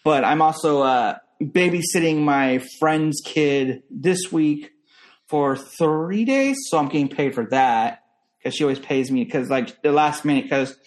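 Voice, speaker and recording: A young man from Northern California with an American accent, telling stories in a casual chat and jumping into high voices for other people. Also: unhurried.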